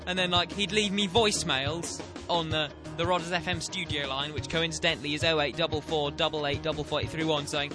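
A man's voice: fairly high pitch, steady tone, brisk, few pauses, music in the background. A teenage man hosting his own comedy radio show from a small home studio, rambling through jokes and poking fun at himself. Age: late teens. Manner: jokey, rambling and self-mocking. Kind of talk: comedic casual radio chat. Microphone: webcam and studio mic.

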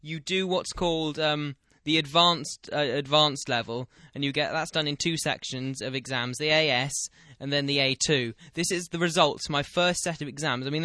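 A man's voice: on the high side, pushed and bright, no room sound. A teenage man hosting his own comedy radio show from a small home studio, rambling through jokes and poking fun at himself. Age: late teens. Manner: jokey, rambling and self-mocking. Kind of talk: comedic casual radio chat. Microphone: webcam and studio mic.

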